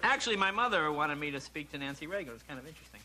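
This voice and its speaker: A man's voice: a little high, rapid-fire, crowd noise. A man in his thirties, a comedian guest on a talk show, telling comic stories and putting on mocking voices. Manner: animated, jumps into mocking voices of family and strangers. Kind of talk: stand-up storytelling on a talk show. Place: television studio with audience. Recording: noisy 1980s broadcast recording.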